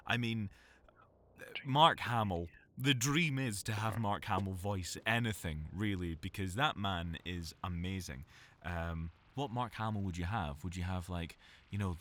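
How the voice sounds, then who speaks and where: A man's voice: deep voice, fairly bright tone. A young Scottish man, a voice actor, rambling about himself in a self-mocking, chatty way while recording in a small cupboard booth. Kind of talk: recorded game dialogue, rambling monologue.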